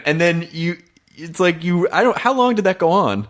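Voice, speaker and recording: A man's voice: high-pitched, lively intonation, moderate pace, fairly bright tone. A man hosting a podcast, asking a comedian questions in casual, jokey chat. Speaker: podcast host.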